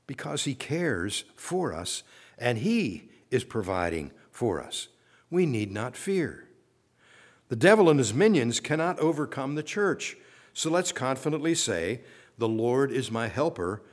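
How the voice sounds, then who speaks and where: A man preaching a sermon to his congregation, conversational with frequent fillers and restarts, slowing down to read scripture and lifting his voice on strong declarations. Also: medium pitch, big pitch swings. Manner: rising with emphasis on declarations. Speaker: pastor.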